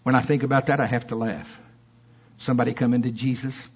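A man preaching a sermon in church with fiery emphasis that drops into soft asides. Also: medium pitch, flat delivery, fast, slightly rough, muffled recording.

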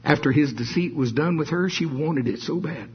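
A man preaching a sermon, reading scripture slowly and adding playful asides. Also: fairly high pitch, slightly rough. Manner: reads scripture slowly, adds asides with laughs. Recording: dull lo-fi sermon recording.

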